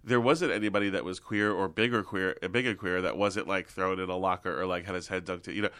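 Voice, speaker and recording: A male actor and comedian chatting as a podcast guest, telling animated stories full of "like". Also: sits low, fast. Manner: animated storyteller, lots of "like". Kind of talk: casual podcast chat.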